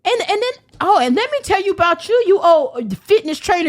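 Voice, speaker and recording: Brash high-voiced woman ranting. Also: big pitch swings, a little fast. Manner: loud, brash, profane ranting with laughter. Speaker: podcast guest. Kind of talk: casual chat.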